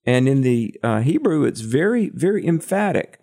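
Co-host guy on a christian radio show, calm thoughtful explainer of verses. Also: medium pitch, moderate pace, hardly any pauses. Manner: thoughtful, explains scripture wording. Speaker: radio Bible study co-host. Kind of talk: radio Bible study talk.

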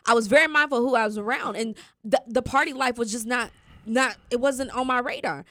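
A woman hosting a faith talk show, telling a personal story in an animated way. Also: fairly high pitch, a little fast, no room sound, clean studio sound. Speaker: host.

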